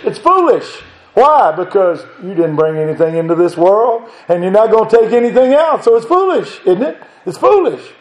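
A man's voice: high-pitched, a little mellow. A man preaching a sermon in a church, rising to emphatic exhortation as he drives his points home. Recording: echoey room.

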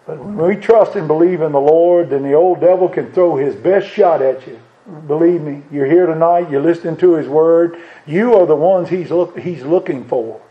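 Guy preaching in church, kinda high voice, acts out the bible characters, muffled old recording. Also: moderate pace. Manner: acts out the voices of scripture figures, rising in pitch and force. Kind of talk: sermon.

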